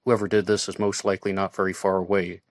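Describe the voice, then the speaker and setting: A man reading the part of a tall police officer who gives firm instructions and sometimes confides in a hush, in an audiobook. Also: low voice, flat delivery, fast talker, no echo, studio quality, natural voice. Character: tall male police officer, stern but concerned.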